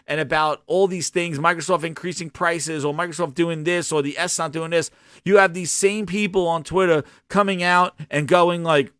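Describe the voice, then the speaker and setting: A man's voice: fairly high pitch, pushed and bright, no room sound, clean studio sound. A man hosting a gaming podcast, delivering a heated, profane rant with mocking impressions. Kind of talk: ranting solo commentary.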